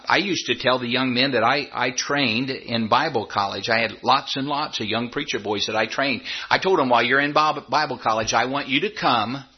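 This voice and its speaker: A man's voice: mid-range voice, husky, highs cut off. A middle-aged man preaching a sermon, emphatic, repeating phrases and stretching key words for effect. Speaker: pastor.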